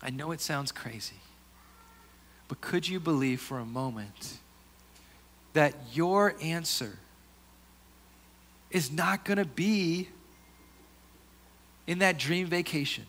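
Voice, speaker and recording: A man delivers a sermon with a slightly higher pitch than most men. He speaks earnestly and conversationally, restarting phrases and sinking into quieter asides before lifting again. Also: takes it slowly, long pauses. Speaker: pastor.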